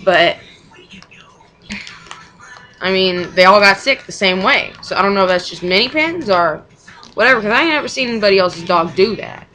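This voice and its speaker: A woman's voice: medium pitch, animated, moderate pace, pauses often, bright, forceful tone, faint music behind, low-quality recording. A young mother telling a personal story in casual chat, rambling and frank, with swearing and short laughs.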